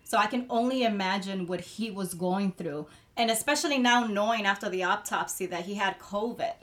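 Woman, mid-pitched voice, podcast co-host, heartfelt, casual discussion. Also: normal speed. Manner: heartfelt and emotional.

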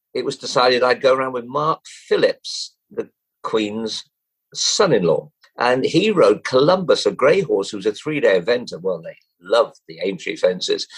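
Gravelly older man telling lively anecdotes. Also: medium pitch, rough recording. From England. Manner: lively, acts out quoted voices, chuckles, restarts often. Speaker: guest, former jockey and racing broadcaster. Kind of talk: anecdotal storytelling.

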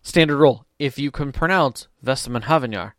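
Man, podcast co-host, casual chat, eager, advice-giving, mid pitch, dry sound. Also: brisk, fairly bright tone, no echo. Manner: eager agreeing, then explains with firm advice.

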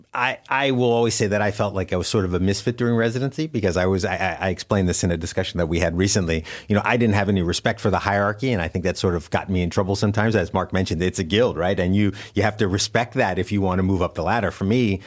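Man, podcast guest, blunt, quick, repeats words as he starts. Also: on the low side. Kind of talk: casual podcast chat.

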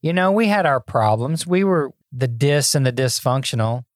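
A man's voice: mid-range voice, normal speed, no echo. An older man in his sixties talks through his past as a podcast guest. He is folksy and self-deprecating and often stumbles over a repeated word. The sound is dry and close, with no room around it. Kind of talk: casual interview storytelling.

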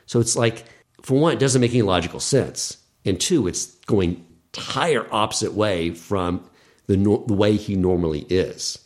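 Earnest low-voiced man telling a story. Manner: earnest, animated retelling with quoted dialogue. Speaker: podcast guest. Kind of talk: casual storytelling.

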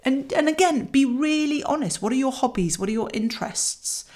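A middle-aged woman, coaching parents in a chatty, candid way with lively asides. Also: high-pitched, normal speed. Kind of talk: talking to parents about a child exercise.

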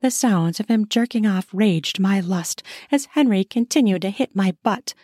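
A woman's voice: mid-range voice, normal speed, mellow, dry recording, studio quality. A woman reading her own erotic short story aloud in an intimate first-person style. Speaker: narrator and author.

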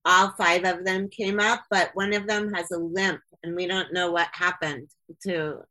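Woman with a bright sharp voice, rambly storyteller, says like a lot. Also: fairly low pitch, steady tone, unhurried, poor audio. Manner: rambling storyteller, filler-heavy with restarts. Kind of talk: casual chat.

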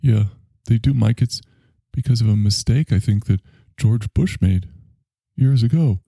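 A man hosting a podcast, answering in dry, low-key, agreeable banter. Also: unhurried, warm tone, no room sound. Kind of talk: casual comedic banter.

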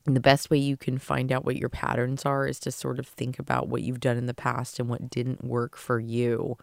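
A woman's voice: rumbling low, completely flat delivery, normal speed, creaky, no echo. A woman hosting her own podcast, giving an earnest, emotional motivational talk and swearing casually. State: tearful at times. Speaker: podcast host.

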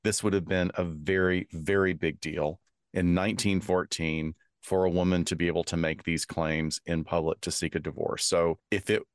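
A man's voice: low voice, little pitch movement, normal speed, no room sound. A man co-hosting a true crime podcast, reading the case aloud and adding dry asides. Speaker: podcast co-host.

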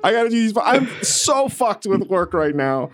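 Male podcast co-host, slightly high voice, profane comic ranting. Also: big pitch swings, normal speed. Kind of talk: casual podcast banter.

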